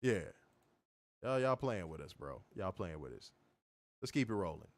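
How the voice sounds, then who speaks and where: A man co-hosting a casual wrestling review, profane and animated, reading viewer comments aloud. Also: low voice, moderate pace, no echo. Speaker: podcast co-host.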